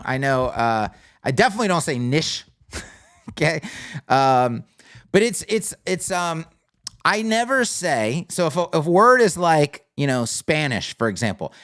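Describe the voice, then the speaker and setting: Man, from the US, live-stream host, casual rambling, somewhat high voice, dry room. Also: a bit bright, dry recording. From United States. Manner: conversational, with frequent fillers and repeated phrases. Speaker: livestream host. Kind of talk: casual live-stream talk reading chat.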